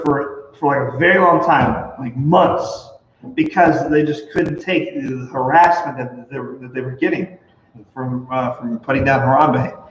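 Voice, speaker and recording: A man, a pastor, chatting casually and rambling with lots of likes and you knows. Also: fairly high pitch. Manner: rambling, many fillers and restarts. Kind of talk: casual chat. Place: church hall. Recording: echoey hall, far from mic, dull.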